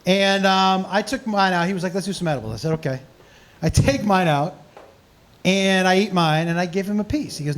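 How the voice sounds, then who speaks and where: A male comedian telling profane stories at a live Q&A, animated and laughing often. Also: high voice, brisk. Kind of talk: storytelling in a live Q&A.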